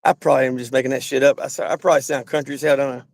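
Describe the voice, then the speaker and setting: A man's voice: medium pitch, level tone, racing, creaky, a little mellow, no echo. A man with a Southern Kentucky accent hosting a garage channel, rambling and swearing in a joking way as he shows off his truck. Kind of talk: casual garage walkthrough.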